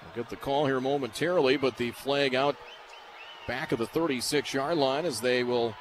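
A man calling a football game as play-by-play announcer on radio, rattling off yard lines quickly and shouting on big plays. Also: mid-range voice. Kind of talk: radio sports commentary. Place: stadium broadcast booth. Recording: radio broadcast with steady noise.

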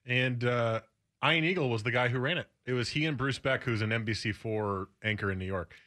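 A man's voice: medium pitch, a little fast, sharp tone. A man co-hosting a casual sports talk show, asking lots of questions and chiming in. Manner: curious, asks lots of questions. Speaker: sports radio co-host.

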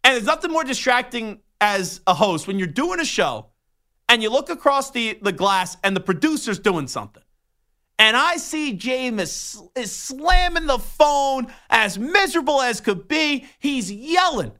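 Guy on sports talk radio, sharp bright voice, rambles through stories w lots of restarts. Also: very high-pitched, measured pace. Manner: animated storytelling with rambling restarts. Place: radio studio.

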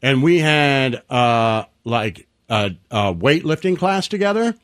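Male podcast co-host, relaxed banter, average pitch. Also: slow. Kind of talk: casual chat.

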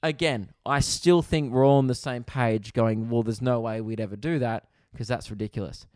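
A man's voice: mid-range voice, moderate pace, darkish tone, no echo, studio quality. A young man, a comedian hosting his own podcast, telling a rambling, self-mocking story in a casual chat, quoting people along the way.

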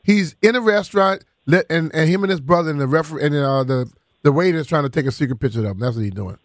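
A man's voice: a little high, fast, no room sound, clean studio sound. A man on a sports talk panel, blunt and teasing, with casual slang.

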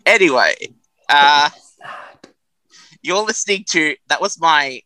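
A man's voice: on the high side, expressive, slow, sharp tone, no room sound, low-quality recording. A man co-hosting a community radio show, chatting casually in a rambling, self-mocking way and laughing at his own jokes.

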